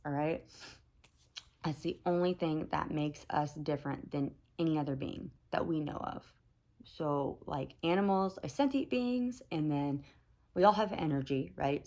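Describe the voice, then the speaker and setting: A woman's voice: low-pitched, vocal fry, a little mellow. A young woman rambling to her camera in an unscripted vlog, thinking aloud with lots of fillers and self-corrections. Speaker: vlogger.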